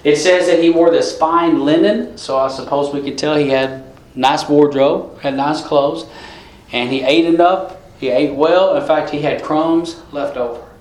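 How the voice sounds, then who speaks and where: A man's voice: on the high side, unhurried, darkish tone. A man preaching a sermon in a plain, conversational way, talking straight to the congregation. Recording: very echoey room, from a distance.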